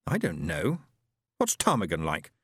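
A man's voice: low-pitched, huge pitch swings, measured pace, slightly rough, no echo, studio quality, pitched below the performer's own voice, full character voice. A man voicing an earnest, somewhat awkward young man who speaks hesitantly and with mild bemusement.

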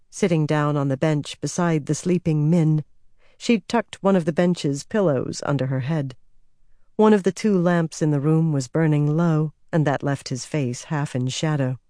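A man narrating a fantasy novel as an audiobook in an even, steady storytelling manner. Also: fairly high pitch, dry recording, studio quality.

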